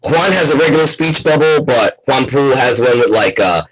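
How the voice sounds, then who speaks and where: A man, a comic artist as guest, chatting excitably over a video call and often asking "you know what I mean". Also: mid-range voice, moderate pace, breathy edge, poor audio. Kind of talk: casual chat.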